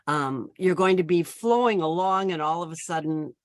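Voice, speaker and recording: A woman's voice: fairly low pitch, moderate pace. A woman leading a poetry workshop, patiently explaining each step to her participants. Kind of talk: giving workshop instructions.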